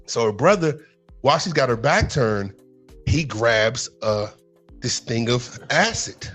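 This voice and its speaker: A man's voice: mid-range voice, expressive, unhurried, fairly bright tone, breathy edge, soft background music. A middle-aged man casually telling a rambling, profane story on a podcast, acting out the quotes in a rising voice.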